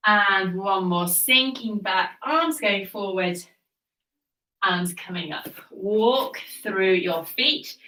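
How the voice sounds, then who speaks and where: A woman instructor guides a class through a Pilates routine, offering calm, encouraging cues with breath counts while slightly out of breath. Her mid-range voice is bright and a bit sharp, recorded from a distance off-mic in a roomy, echoing space.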